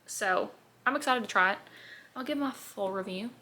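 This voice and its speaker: Chatty woman with a gravelly edge. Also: medium pitch, normal speed, sharp tone. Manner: chatty, bubbly, rambling with fillers. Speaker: beauty vlogger. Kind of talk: casual get-ready-with-me chat.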